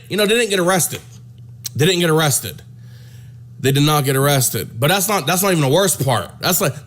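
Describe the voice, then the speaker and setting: A man telling a crude comic story, rambling and repeating himself with animated delivery. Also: mid-range voice. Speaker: comedian storyteller.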